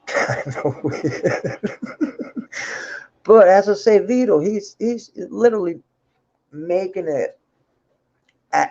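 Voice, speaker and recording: With a mid-range, slightly mellow voice and the highs cut off, a Danish man chats in accented English during an impromptu livestream. He rambles about his music life, swears freely, laughs often, and restarts many times.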